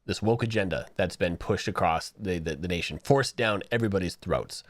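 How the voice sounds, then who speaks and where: A man co-hosting a podcast who tells stories in casual chat, animated and full of restarts. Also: deep voice, brisk, no echo. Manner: animated storyteller, many restarts. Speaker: podcast co-host.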